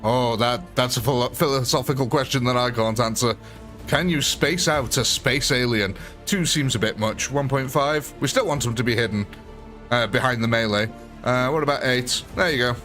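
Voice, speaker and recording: A man's voice: mid-range voice, normal speed, a bit bright. A man hosting a live gameplay stream, chatting casually and joking with viewers as he commentates. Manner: chatty, jokey, reads out viewer names. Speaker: livestream host. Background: game music.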